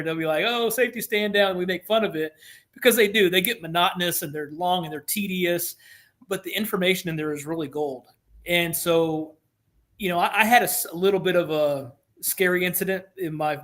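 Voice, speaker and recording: Guest: forties, light West Texas twang, slightly high voice, earnest storyteller, many restarts. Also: male voice, fairly bright tone. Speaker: guest, Navy veteran. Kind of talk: conversational interview.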